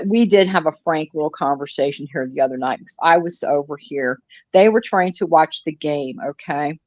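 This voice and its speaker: A woman's voice: deep voice, dry recording. A woman chatting casually on a live stream, rambling through stories and swearing freely. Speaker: live commentary co-host. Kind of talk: casual chat. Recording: dry, slightly dull lo-fi audio.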